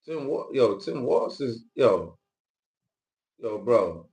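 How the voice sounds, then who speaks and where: A man's voice: mid-range voice, very animated, takes it slowly, vocal fry, a little mellow. A man hosting political commentary, reacting to news clips in loose, slangy casual talk.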